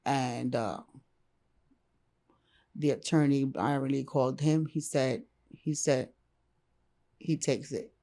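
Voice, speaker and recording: A middle-aged woman from Brooklyn, a guest telling her own story in a candid, animated, slangy way, acting out what others said. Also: very deep voice, takes it slowly, pauses often. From Brooklyn, New York. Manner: animated, acts out others' lines, slangy and informal.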